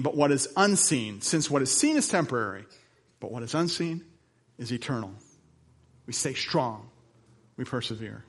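A male pastor preaching a sermon, moving from quiet, slow passages to loud, emphatic ones, with chatty asides as he tells stories. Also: sing-song, slightly rough. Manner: dynamic delivery, swinging between soft lows and emphatic highs; conversational storytelling with asides.

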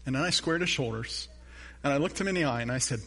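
A man's voice: medium pitch, lively intonation, quick pace, sharp tone. An older man, a grandfather and pastor, preaching a sermon in an earnest, conversational way with personal stories.

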